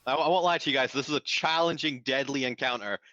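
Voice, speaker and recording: Bright-toned man running a tabletop game. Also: medium pitch, dry recording, dull audio. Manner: drawn-out dramatic narration with frequent uh fillers. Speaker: game master. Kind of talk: narrating a tabletop game over voice chat.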